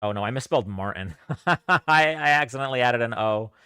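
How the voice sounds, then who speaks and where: A man's voice: mid-range voice, expressive, a little fast, pushed and bright, clear, resonant tone, no room sound. A young man hosts a casual livestream and chats easily with his viewers, thanking each donor by name. His voice sits in a middling register. The sound is dry and close, recorded on a desk mic with no room around it. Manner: chatty, thanks donors, reads chat aloud. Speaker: livestream debate host.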